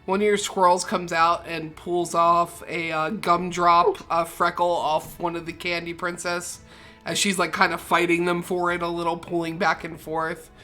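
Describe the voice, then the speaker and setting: A woman's voice: fairly low pitch, little pitch movement, moderate pace, sharp tone, faint music behind. A woman narrating a tabletop role-playing game as game master.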